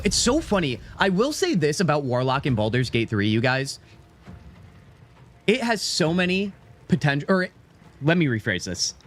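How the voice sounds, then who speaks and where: Lively, upbeat male game streamer. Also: a little high. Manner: playful, chatty, talks straight to his chat. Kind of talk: live-stream gameplay commentary.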